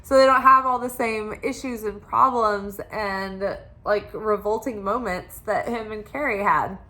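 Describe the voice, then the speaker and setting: A woman's voice: medium pitch, unhurried, pushed and bright. A woman giving a casual tarot reading, chatty and full of "like" fillers. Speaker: tarot reader.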